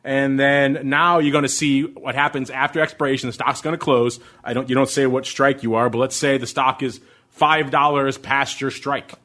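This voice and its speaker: A middle-aged man hosting a podcast, answering listener questions about options trading in an excitable, ramped-up way. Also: medium pitch. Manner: excitable, fast, ramped-up delivery. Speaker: podcast host.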